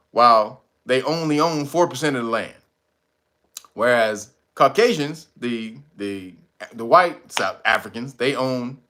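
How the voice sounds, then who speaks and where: A man hosting casual political commentary, profane and animated, laughing often. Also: mid-range voice. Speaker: commentary channel host.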